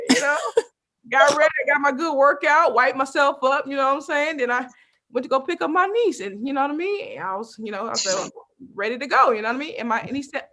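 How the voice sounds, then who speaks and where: A young adult woman doing a stand-up comedy set, telling lively stories with constant asides to the crowd. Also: sits high, a little fast, a little hiss or hum. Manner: lively storytelling with frequent asides and laughs.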